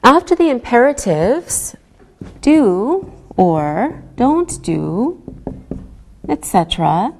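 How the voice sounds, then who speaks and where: Lady teacher going thru grammar slowly, voice swooping up and down, warm mellow tone. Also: fairly high pitch, very animated. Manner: slow, deliberate, sing-song teaching delivery. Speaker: English teacher. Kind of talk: scripted grammar lesson.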